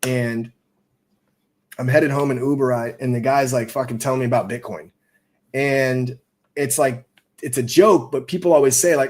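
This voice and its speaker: A man's voice: mid-range voice, moderate pace, a little mellow. A man hosting a live stream, talking about crypto markets in a loose, rambling way, with lots of fillers and swearing. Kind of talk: casual live-stream chat.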